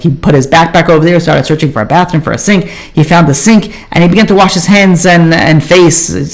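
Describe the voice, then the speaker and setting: A man who is a rabbi, telling a story in a sermon, speaking casually with many fillers like "you know" and "like". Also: fairly high pitch.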